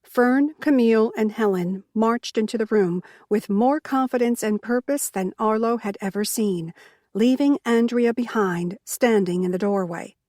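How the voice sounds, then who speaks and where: Slow, measured woman narrator. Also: a little high, mellow, no echo, studio quality. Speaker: audiobook narrator. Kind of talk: scripted narration.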